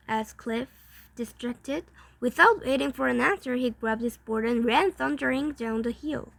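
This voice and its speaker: A woman's voice: a little high, a little slow, gravelly, fairly bright tone, low-quality recording. A woman reading a children's story aloud, carefully, with frequent slips and restarts. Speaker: reader.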